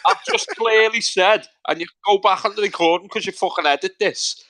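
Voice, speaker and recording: A man's voice: high voice, fairly quick. A young man with a Scouse accent co-hosting a podcast, swearing a lot and winding up his mates. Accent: Liverpool Scouse. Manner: loud, swearing, laughing, winding others up. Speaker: podcast co-host. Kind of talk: crude casual banter.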